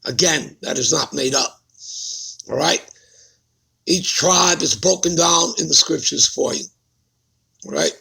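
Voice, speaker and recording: A man's voice: fairly high pitch, unhurried, gravelly, pauses often, pushed and bright, husky. A man preaching a Bible-study sermon who keeps putting rhetorical questions to his listeners and checking in with them.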